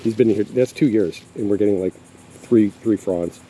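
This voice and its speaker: A man with a fairly low, mellow voice talks at a moderate pace as he gives a casual, rambling walking tour of his backyard garden, often hesitating with fillers. The recording is rough, with faint insect noise outdoors.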